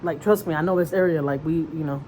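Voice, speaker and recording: A woman's voice: deep voice, fast talker, dark tone, a little hiss or hum, rough recording. A woman vlogger retelling a story in casual chat, rambling with fillers and restarts, earnest and conversational. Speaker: mother vlogger.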